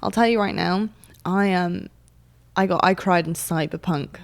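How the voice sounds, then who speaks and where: A woman co-hosting a podcast, chatting casually and telling stories in an animated way. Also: lowish voice, normal speed. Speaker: podcast co-host. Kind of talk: casual chat.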